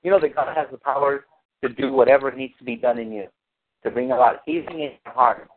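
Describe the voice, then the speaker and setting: A man's voice: mid-range voice, animated, fairly quick, creaky. Emphatic preaching man on a phone line. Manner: emphatic, repeats words, quotes scripture. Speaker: host leading a Bible study. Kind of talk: informal preaching. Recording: tinny phone line with faint noise.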